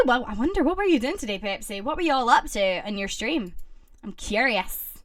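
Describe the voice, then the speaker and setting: A young woman streamer chatting casually with viewers and reading stories aloud, excitable and reacting loudly. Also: a little high, brisk.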